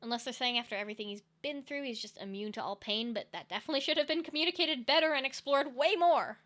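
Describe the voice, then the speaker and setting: A young woman with a slightly high voice delivers comedic movie commentary. She rants with a dry, sarcastic edge, swinging between exasperation and jokes. Her talk is fast and conversational, like a video essay. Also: a bit bright. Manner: sarcastic, ranting.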